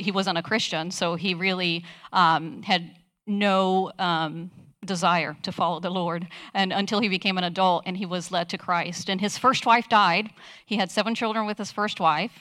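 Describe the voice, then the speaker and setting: A woman in her forties, a physician, gives an earnest devotional teaching talk at church, pausing often to gather her thoughts. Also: mid-range voice, pushed and bright. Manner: earnest, with frequent hesitant pauses.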